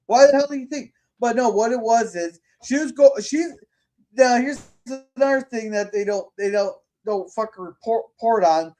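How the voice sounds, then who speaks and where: A man's voice: very high voice, normal speed, mellow. A man hosting a casual podcast, talking bluntly with lots of swearing and stumbling restarts. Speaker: podcast host. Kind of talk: casual opinionated chat.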